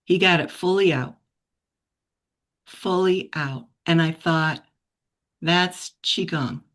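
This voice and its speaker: A woman sharing a personal story in a relaxed, reflective way, with many restarts and soft laughs, on a video call. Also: on the low side, takes it slowly. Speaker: practice group member sharing a story.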